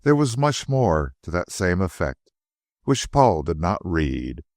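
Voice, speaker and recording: A man narrating a classic mystery novel as an audiobook in an expressive storytelling manner. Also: deep voice, takes it slowly, dry recording, studio quality.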